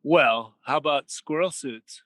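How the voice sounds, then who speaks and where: A health author appears as a podcast guest, speaking at a measured pace in a slightly high, somewhat bright voice with no room sound. In casual conversation he talks emphatically and rattles off lists of figures.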